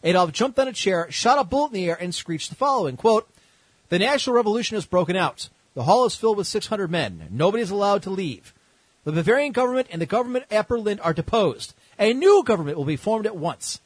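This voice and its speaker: A man's voice: high voice, big pitch swings, fast, slightly rough, no echo, low-quality recording. A man hosting a podcast, telling history as comedy with sarcastic, irreverent asides. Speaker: podcast host.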